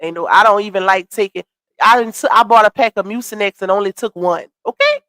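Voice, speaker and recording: A woman's voice: mid-range voice, sing-song, fairly quick, a bit bright, no echo. A woman with a cold and a stuffy, congested voice, hosting a casual live stream commentary, sassy and chatty as she greets her chat.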